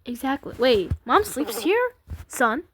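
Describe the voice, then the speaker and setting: A woman's voice: high voice, sing-song, slow pace, background noise. A woman doing let's-play commentary, reading game dialogue aloud and gasping and squealing at the scares. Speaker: gameplay commentator. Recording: loud game music over the voice.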